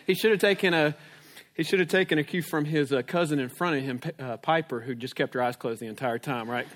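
Pastor guy preaching, kinda high voice, tells a story, keeps asking right?. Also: fairly quick. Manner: animated storytelling, frequent "right?" check-ins and restarts. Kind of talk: sermon with personal story and scripture reading.

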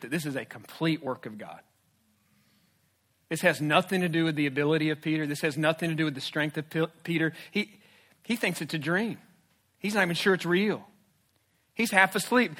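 A male pastor preaching a sermon, animated, with swings from hushed to loud. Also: a little high.

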